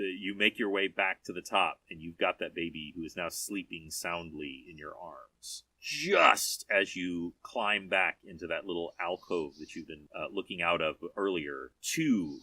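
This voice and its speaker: A man's voice: low-pitched, bright, forceful tone, husky, dry recording, distant mic. A man narrating a tabletop game as game master, telling the scene in vivid descriptive detail.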